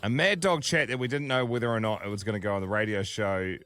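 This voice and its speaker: A man, co-hosting a podcast in a quick, upbeat, laid-back way. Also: fairly low pitch, steady tone, a bit bright, faint music behind. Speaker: podcast co-host. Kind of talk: casual podcast chat.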